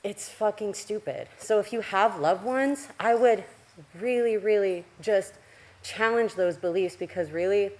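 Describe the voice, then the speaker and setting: A woman's voice: medium pitch, measured pace, darkish tone. Furious woman ranting at a city council mic, swears a lot, heart racing. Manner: angry, blunt, profane. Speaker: public commenter. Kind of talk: public comment at a council meeting. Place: council chamber.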